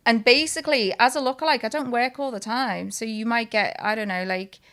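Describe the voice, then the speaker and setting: Woman, 30s, bright tense voice, chatty guest on a podcast, animated storyteller. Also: a little high, brisk. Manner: animated storyteller, acts out quoted voices loudly. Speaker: guest, lookalike model. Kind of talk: casual podcast interview.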